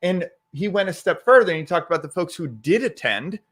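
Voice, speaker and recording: A man's voice: sits high, big pitch swings, a little fast, fairly bright tone. A man co-hosting a live virtual event, giving an enthusiastic, conversational recap of the last session. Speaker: event co-host.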